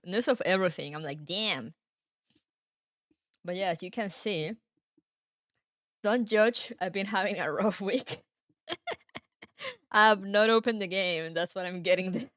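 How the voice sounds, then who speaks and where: A woman's voice: fairly low pitch, no room sound. A woman streaming, chatting casually with her viewers in a rambling way, with frequent laughs. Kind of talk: casual live-stream chat. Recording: music playing behind.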